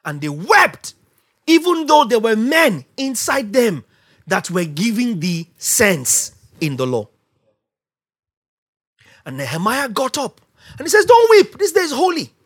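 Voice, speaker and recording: A woman preaching a sermon, emphatic, asking the congregation questions and rising to shouts. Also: on the high side, very animated, measured pace, pauses often, slightly rough.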